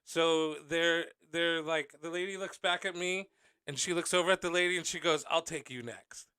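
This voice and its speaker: A man's voice: on the high side, normal speed, bright, forceful tone, smooth, no echo. A man hosting a podcast, telling personal stories candidly and swearing freely as he acts out what people said. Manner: candid storytelling, swearing freely, acting out quotes. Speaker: podcast host. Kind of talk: casual podcast conversation.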